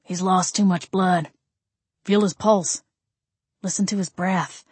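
A woman's voice: on the low side, steady tone, slow pace, a little mellow, slightly rough, no echo. A woman voicing an older male vampire who speaks bluntly and matter-of-factly. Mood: grim urgency.

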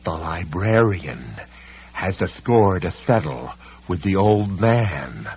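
A man's voice: sing-song, a little hiss or hum, heavily acted. A man doing a menacing monstrous library policeman. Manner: slow, threatening, low delivery. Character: menacing tall male library policeman, a supernatural creature. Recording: dull lo-fi recording.

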